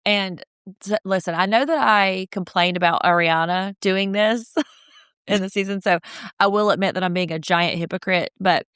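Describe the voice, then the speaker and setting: A woman co-hosting a casual recap podcast, animated and breaking into mocking impressions. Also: medium pitch, moderate pace, smooth, no room sound, clean studio sound. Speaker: podcast co-host.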